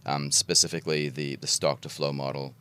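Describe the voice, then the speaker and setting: A man with a very low, deep voice hosts a podcast conversation. He keeps things casual and playful, slipping in jokes and laughing as he goes. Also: level tone, a little fast, fairly bright tone, smooth. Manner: jokey, playful, laughs often. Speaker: podcast host. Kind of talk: casual interview chat.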